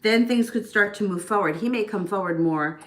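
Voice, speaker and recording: A woman's voice: mid-range voice, normal speed. A woman giving a casual live tarot reading, chatty and loose, with background noise. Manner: chatty, talks baby talk to a child between readings. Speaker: tarot reader. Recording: echoey room with background noise.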